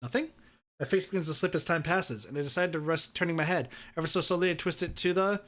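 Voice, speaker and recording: A man streaming, reading a visual novel aloud in steady first-person narration. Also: a little high, fast talker.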